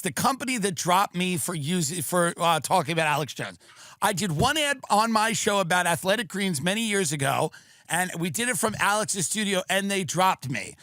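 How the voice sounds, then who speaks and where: Man, podcast host, high-pitched, dry studio sound, sarcastic, rambling, deadpan. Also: no room sound. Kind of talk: comedy podcast riffing.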